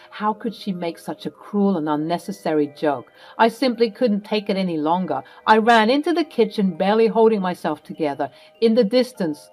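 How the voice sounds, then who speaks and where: A woman narrating a scripted first-person story in a dramatic, emotional way, over faint music. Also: mid-range voice.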